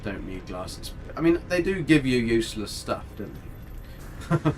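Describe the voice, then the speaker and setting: Male streamer, casual and chatty, mid-pitched, light music under. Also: big pitch swings, measured pace, darkish tone. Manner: chatty, swears mildly, talks to his character and viewers. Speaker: gaming streamer. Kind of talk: casual live gameplay commentary.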